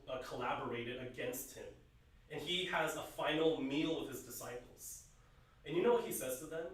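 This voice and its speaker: A man preaching a youth sermon in earnest, asking his listeners questions and swinging between loud emphasis and quiet, hushed lines. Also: mid-range voice. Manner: asks the listeners repeated questions. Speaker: youth pastor. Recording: very echoey room, voice from some distance.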